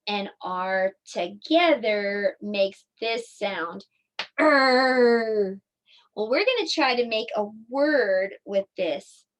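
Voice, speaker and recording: A middle-aged woman leads a children's circle time lesson in a slow, sing-song way. Her voice sits a little high, and she draws each word out for small listeners. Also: a bit bright. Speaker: preschool teacher.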